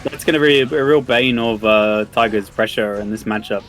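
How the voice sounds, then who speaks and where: A man giving relaxed, chatty live commentary on a fighting game tournament. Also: lowish voice, normal speed, soft background music. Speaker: esports commentator.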